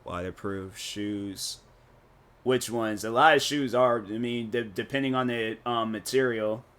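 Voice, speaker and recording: A man's voice: mid-range voice, a little slow, a bit bright. A man streaming a game, chatting in a casual, rambling, slangy and joking way. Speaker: gaming streamer. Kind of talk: casual live-stream chat while playing.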